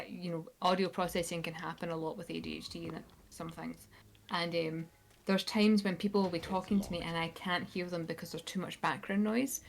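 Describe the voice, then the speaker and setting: A Scottish woman chatting casually on a live stream, telling animated stories. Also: on the low side, a little hiss or hum. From Scotland. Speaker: podcast guest. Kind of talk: casual chat. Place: live stream, home setup. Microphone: stream mic.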